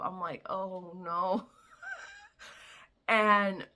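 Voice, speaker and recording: A woman vlogger casually recapping a novel, chatty and full of "like" and "you know", quietly acting out the characters' lines. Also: fairly low pitch, unhurried, noisy background. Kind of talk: casual book summary.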